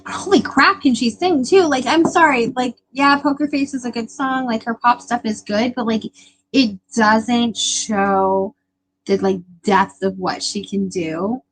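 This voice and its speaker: A woman's voice: fairly high pitch, measured pace, breathy edge, rough recording. A young woman hosting a casual live stream, chatting with viewers in a gushing, emotional way with lots of fillers.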